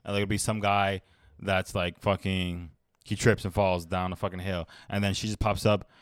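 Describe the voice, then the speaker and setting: A man's voice: low voice, flat delivery, moderate pace, clear, resonant tone, no echo, studio quality. A young man in casual chat, crude and joking, doing mocking impressions.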